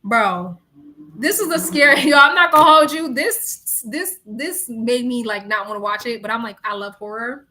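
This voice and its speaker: A young woman from New York with a New York accent, chatting casually and retelling a story in slangy, animated talk with frequent laughs. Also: fairly high pitch, normal speed. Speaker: streamer. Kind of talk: casual chat.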